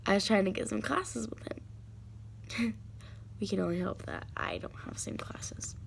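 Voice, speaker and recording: A teenage girl vlogs from home in a rambling, heartfelt way, circling back with fillers and restarts. Her voice carries a noticeable gravelly fry, sitting at an ordinary pitch for a young woman. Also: animated, moderate pace, a little hiss or hum. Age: teens. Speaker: vlogger. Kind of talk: casual confessional chat to camera.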